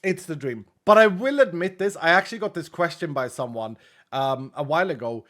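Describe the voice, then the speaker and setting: A man's voice: animated, fairly quick, fairly bright tone. A male streamer chatting casually and thanking viewers, his voice held back and subdued because an injured rib keeps him from pushing it. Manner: low-key, chatty, thanks viewers one after another. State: subdued, unable to push his voice from a cracked rib. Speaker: streamer reading out donations. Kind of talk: casual livestream chat.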